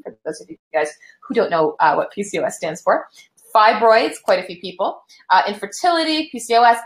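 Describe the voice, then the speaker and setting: A young woman hosting a live online webinar, greeting viewers in an upbeat, chatty way with many fillers. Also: medium pitch. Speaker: webinar host. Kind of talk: casual live-stream chat. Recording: echoey room.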